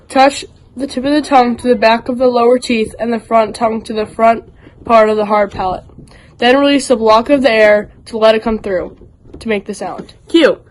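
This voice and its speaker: A woman's voice: a little high, poor audio. Woman explaining pronunciation step by step. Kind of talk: classroom presentation.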